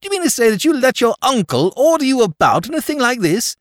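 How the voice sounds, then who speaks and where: Male reader doing a sardonic young gent, higher than his own voice, lively and theatrical. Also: dry recording. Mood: indignant. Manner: bantering, theatrical, quick. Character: brash, mocking young English gentleman.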